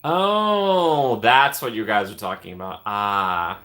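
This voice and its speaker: Guy streaming from home, lowish voice but bright and punchy, chatty and upbeat, answering chat. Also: slow. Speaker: streamer host. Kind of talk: casual live-stream chat reading comments.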